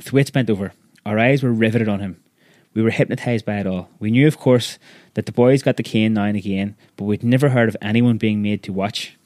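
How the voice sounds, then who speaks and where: A man narrating a story aloud in a measured, vivid way. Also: on the low side, darkish tone, no echo, clean studio sound.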